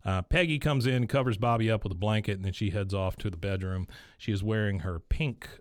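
A man's voice: fairly low pitch, fairly quick, dry recording, clean studio sound. A man, casually recapping a TV episode with many fillers and asides. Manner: rambling retelling with many fillers and laughs. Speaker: podcast host recapping an episode. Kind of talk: casual chat.

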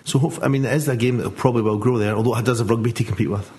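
Male co-host, mid-pitched, fast, dry and well-informed. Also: steady tone, darkish tone. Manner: dry quips, knowledgeable asides. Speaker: podcast co-host. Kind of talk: casual football chat.

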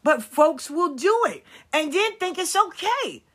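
A woman's voice: very high voice, sing-song, a little slow, a bit bright. A woman speaking casually to her viewers, blunt and profane, repeating her points for emphasis. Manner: emphatic repetition.

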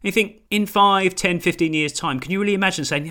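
A man's voice: high voice, fast talker, sharp tone. A man hosting a football podcast, playful and teasing, often laughing. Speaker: podcast host. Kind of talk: casual chat.

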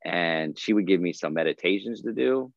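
Low voiced guy on a podcast, loose animated chat, kinda dull dry sound. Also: moderate pace, gravelly, no room sound. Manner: animated, laughing, acts out quoted voices. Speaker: podcast guest.

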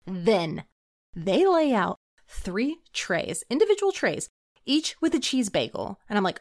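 A woman co-hosting a podcast, telling a story in an animated, laughing, breathless way. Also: mid-range voice, unhurried. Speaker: podcast co-host. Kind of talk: casual chat, telling a story.

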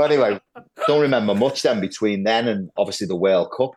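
A middle-aged man, telling lively football anecdotes as a podcast guest, peppered with "like" and "right". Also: medium pitch, quick pace, husky. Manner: animated anecdotes, lots of "like" and "right". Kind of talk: casual storytelling chat.

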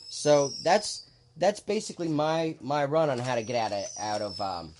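A man's voice: mid-range voice, a little hiss or hum. Guy on a podcast, chill and explaining stuff, lots of ums, regular mid voice. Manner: relaxed, explanatory, halting with fillers. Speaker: podcast host. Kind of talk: casual podcast chat.

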